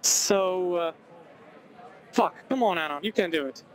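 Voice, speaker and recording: This man plays through a visual novel for a let's play, narrating its text with wry, conversational remarks. His high voice moves at a measured pace, and the low-quality recording carries background game music.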